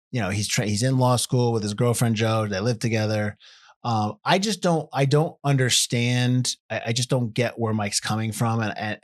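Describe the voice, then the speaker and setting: A man co-hosting a casual film review podcast, rambling and getting animated as he argues his points. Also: on the low side, dry recording, clean studio sound. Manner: rambling, animated when ranting.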